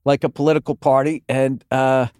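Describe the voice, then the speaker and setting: A man's voice: medium pitch, little pitch movement, fairly quick, darkish tone, smooth, dry recording, clean studio sound. A man with a Boston accent, a podcast guest in casual chat, rambling and swearing, laughing through his own stories.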